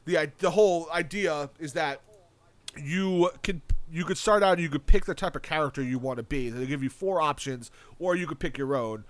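A young man with a somewhat high-pitched voice talks in a loose, rambling way. He piles on "like" and starts sentences over and over. He swears casually and stays eager throughout. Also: normal speed. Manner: rambling, filler-heavy, with frequent restarts and casual swearing; enthusiastic about a video game. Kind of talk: casual chat.

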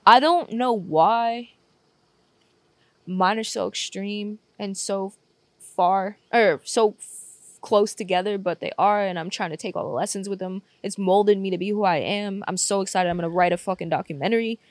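A young woman appears as a podcast guest, telling a painful personal story candidly and sometimes near tears. Her medium-pitched voice moves at normal speed with no echo, and she swears often and says "like" a lot.

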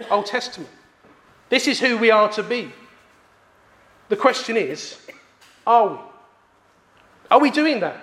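A man, preaching a sermon emphatically with pauses for effect. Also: high voice, a bit bright.

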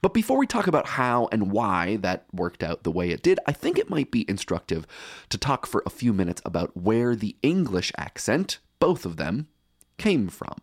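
A man's voice: fairly low pitch, huge pitch swings, moderate pace, dry recording, studio quality. A man hosting a podcast, reading wry, playful scripted narration. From United States. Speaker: podcast host.

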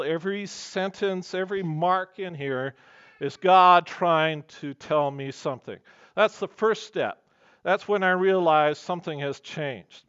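A man's voice: high-pitched, fairly bright tone, clear, resonant tone, no room sound, dull audio. A man preaching a sermon as pastor, earnest and emphatic, weaving in personal stories.

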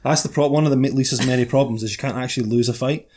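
A man's voice: mid-range voice, steady tone, rapid-fire, darkish tone, a little hiss or hum. Dry, teasing male podcast co-host. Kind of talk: casual chat.

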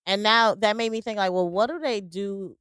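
A woman's voice: mid-range voice, fairly even intonation, moderate pace, a bit bright, clean tone, no echo, studio quality. A woman co-hosting a casual podcast chat, thoughtful, posing questions to the group. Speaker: podcast co-host.

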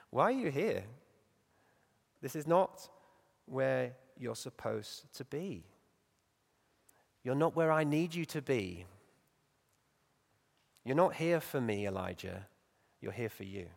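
A male preacher voicing God in a quiet, grave, searching tone, lower and softer than his own speaking voice. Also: animated, slow, vocal fry, long pauses, heavily acted. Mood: gentle, searching. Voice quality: hushed, soft and searching. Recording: long reverb in a large hall.

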